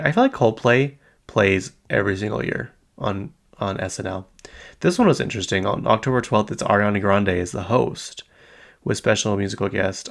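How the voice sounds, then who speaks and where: A man's voice: fairly low pitch, vocal fry, fairly bright tone. A man in his late twenties chatting casually on his own, rambling through asides and fillers as a podcast host. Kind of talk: casual solo pop-culture chat.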